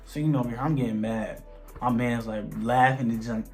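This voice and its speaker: A young man telling a personal story on his vlog in casual slang. He is animated and acts out the dialogue. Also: medium pitch, normal speed, soft background music. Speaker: vlogger.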